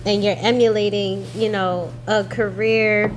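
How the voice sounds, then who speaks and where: A woman's voice: medium pitch, little pitch movement, measured pace, background noise. A woman hosting a casual interview, asking questions in an upbeat, affirming way. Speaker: interview host.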